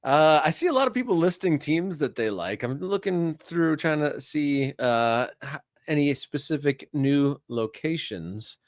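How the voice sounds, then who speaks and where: A man's voice: on the high side, animated, measured pace, dry recording, studio quality. A man co-hosting a casual soccer live stream, easygoing as he reads out viewer chat. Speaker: soccer show co-host.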